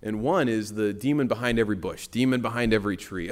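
A man's voice: on the low side, quick pace, hardly any pauses. A man preaching a sermon in a church, in a conversational way with frequent restarts. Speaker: pastor.

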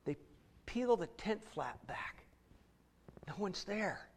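A middle-aged man preaches a sermon, telling a story vividly, repeating words often and acting out voices. His voice sits high and animated, with vocal fry and a slow pace.

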